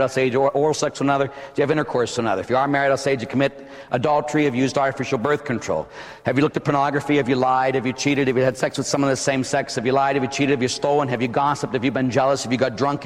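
Fast-talking priest in a big hall. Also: male voice, medium pitch, steady tone. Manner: blunt, joking, rapid-fire. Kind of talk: sermon.

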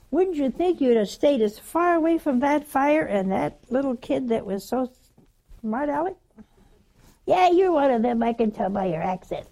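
A woman with a Southern US accent preaching a sermon, telling a Bible story in an animated way and dropping to a hush for quoted lines. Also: high-pitched. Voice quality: animated, storytelling, drops to hushed tones for quotes.

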